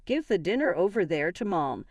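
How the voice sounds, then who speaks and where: A woman's voice: fairly low pitch, sing-song, moderate pace, darkish tone, no room sound. A woman voicing an angry husband who always sides with his mother, speaking in an accusing, bossy way.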